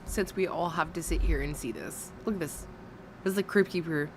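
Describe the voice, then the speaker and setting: A woman's voice: deep voice, fairly quick, slight background noise. A woman commentating on clips in a reaction video, sarcastic and blunt with profane rants.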